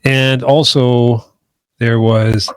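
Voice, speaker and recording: A man's voice: mid-range voice, flat delivery, drawn-out words, clear, resonant tone, no echo. A man co-hosting a podcast, chatting casually and rambling with hedges and restarts. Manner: rambling, hedging, many restarts. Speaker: podcast co-host.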